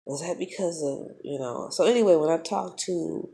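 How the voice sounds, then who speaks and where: A woman, telling a personal story in a casual vlog, blunt and profane, animated as she talks. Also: sits low, moderate pace, creaky. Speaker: spiritual vlogger.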